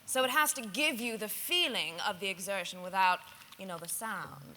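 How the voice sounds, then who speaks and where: A woman's voice: medium pitch, moderate pace, very noisy. A woman voice actor speaking confidently and playfully on a convention panel stage. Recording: long hall reverb on stage.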